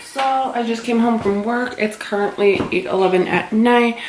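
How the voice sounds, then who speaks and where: A woman's voice: a little high, normal speed, reverberant, background noise. A young woman from Massachusetts chatting casually in her home kitchen, rambling through a story with lots of fillers. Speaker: vlogger. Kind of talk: casual vlog chat.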